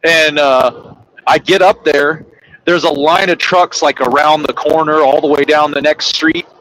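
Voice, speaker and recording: Man, truck driver, casual chat, rambling and cussing, fairly high voice, faint hiss behind. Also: fairly even intonation, measured pace, a bit bright, rough recording. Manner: rambling, profane, acts out quoted people.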